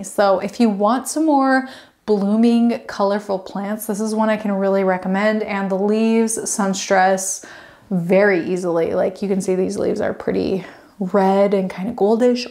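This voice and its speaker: A young woman talks her way through a home plant tour in a chatty, bubbly vlog voice. She rambles easily into side stories and gushes over what she shows. Her pitch sits in an ordinary middle range. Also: a little mellow. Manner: chatty, rambling, goes off on tangents; bubbly, gushing. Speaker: plant vlogger. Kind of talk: casual home tour walkthrough.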